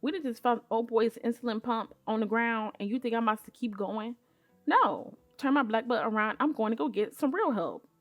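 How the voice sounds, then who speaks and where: A woman giving casual recap commentary on a show, sassy and candid, with colloquial phrasing and sudden jumps in pitch when she quotes people. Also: a little fast, hardly any pauses, soft background music. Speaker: YouTube commentator.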